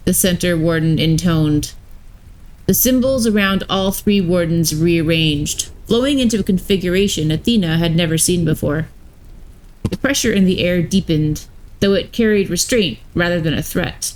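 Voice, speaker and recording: Woman streamer reading a story live, unhurried, lowish voice. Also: low-quality recording. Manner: slow, measured reading with brief asides to chat.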